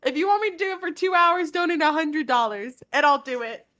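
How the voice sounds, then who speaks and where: A woman's voice: high-pitched, brisk, bright, forceful tone. A woman chatting on a live charity stream over a video call, laughing often and self-conscious. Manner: giggly, self-conscious, trying a British accent. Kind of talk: casual group chat on a live stream.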